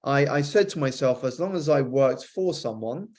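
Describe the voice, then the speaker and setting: A man speaks as an interview guest at a mid pitch, telling his story in a measured, reflective way. He lists things off one by one and fills pauses with uh's. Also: lively intonation, darkish tone. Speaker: coach and author, podcast guest.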